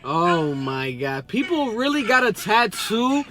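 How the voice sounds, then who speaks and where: Excitable, profane male podcast host. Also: high voice, slow, slight background noise. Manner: profane, excitable, reads posts aloud. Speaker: podcast host reacting to memes. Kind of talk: casual reaction commentary.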